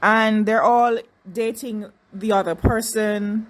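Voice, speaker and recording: A woman casually reviewing a reality dating show, chatty and animated, restarting sentences and doing mocking impressions. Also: mid-range voice, slow pace, a little hiss or hum. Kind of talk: casual recap commentary.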